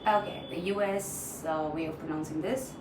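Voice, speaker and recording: An English pronunciation trainer, a woman with a deep voice, gives an online lesson at a normal pace, explaining each word and repeating it for drill with frequent "uh" fillers. She's off-mic and distant, in a roomy, echoing space with faint noise.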